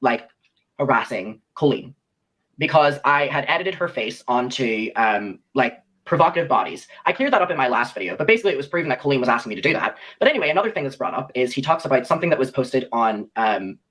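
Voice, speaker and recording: A young man rattling through his story at a quick clip, his pitch sitting in an ordinary middle range. He reads out old messages and rambles with plenty of ums and likes. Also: big pitch swings, a bit bright, rough recording. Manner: rambling, many fillers like "um" and "like". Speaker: YouTuber telling his side. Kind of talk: casual storytelling while reading out messages.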